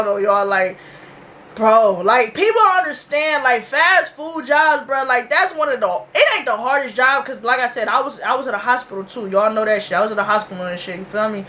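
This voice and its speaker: High, bright-voiced young woman ranting casually. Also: slight background noise. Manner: loose, profane slang-heavy storytelling. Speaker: reaction video host. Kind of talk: casual reaction vlog.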